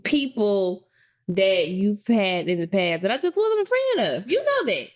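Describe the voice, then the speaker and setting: A woman co-hosting a podcast in casual chat, frank and measured as she works through her point. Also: medium pitch, sing-song. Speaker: podcast co-host.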